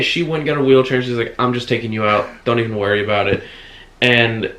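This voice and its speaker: A man casually retelling a hospital visit, acting out other people's words. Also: quick pace. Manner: animated retelling, acts out quotes with sudden high shouts. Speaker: vlogger recounting a hospital visit. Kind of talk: casual storytelling. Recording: echoey room.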